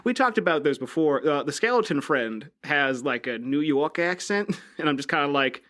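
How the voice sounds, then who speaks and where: Man tossing in quick joking asides. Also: on the high side, a bit bright. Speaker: podcast co-host. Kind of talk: casual game review chat.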